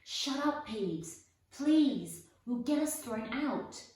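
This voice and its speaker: A woman's voice: medium pitch, animated, slow, gravelly, darkish tone. A woman doing a pleading young schoolboy. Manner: urgent, pleading. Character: nervous young schoolboy wizard. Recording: echoey room, voice from far off.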